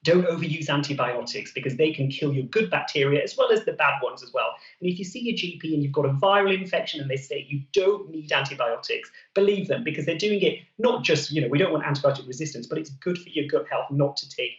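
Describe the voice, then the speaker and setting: Male TV doctor, brisk advice-giving delivery, somewhat high voice, heard from a distance in a roomy studio. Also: dull audio. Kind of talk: explaining health advice on a morning show.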